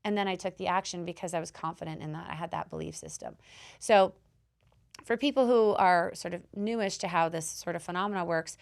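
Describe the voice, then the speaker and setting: A woman hosting a podcast, telling stories in casual chat, swearing freely and acting out quotes with a loud, lively voice. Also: on the low side, brisk. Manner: animated storyteller who swears and acts out quotes loudly. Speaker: podcast host. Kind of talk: casual chat, coaching advice.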